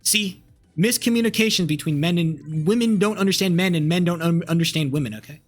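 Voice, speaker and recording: A man's voice: sits high, fairly quick, faint music behind. A young man streaming live, rambling casually with crude language and lots of fillers and restarts.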